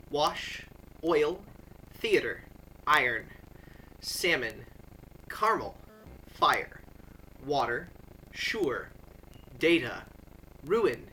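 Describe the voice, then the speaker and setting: A man's voice: mid-range voice, sharp tone, a little hiss or hum, poor audio. A young man from the Midwest, chatting casually and hesitantly with wry asides as he reads through a word list. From American Midwest. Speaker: vlogger. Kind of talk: casual chat reading a word list aloud.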